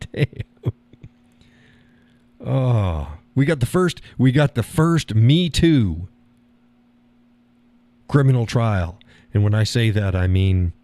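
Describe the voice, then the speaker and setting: A man's voice: medium pitch, expressive, takes it slowly, pauses often, dark tone, dry recording. A man hosting a live stream, talking casually and rambling, chuckling at his own remarks.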